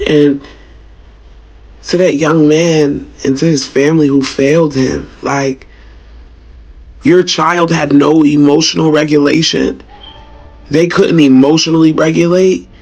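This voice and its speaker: A man's voice: on the high side, fairly even intonation, a little slow, long pauses, darkish tone. A man talking in an emotional, casual vlog, rambling and hesitant, turning angry and profane.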